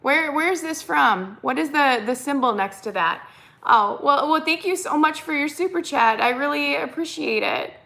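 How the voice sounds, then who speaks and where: With a high-sitting voice that carries vocal fry and a sharp tone, this Minnesotan-accented American woman talks at normal speed with lively intonation. She's hosting a casual live stream, reading comments aloud and answering them in a chatty way.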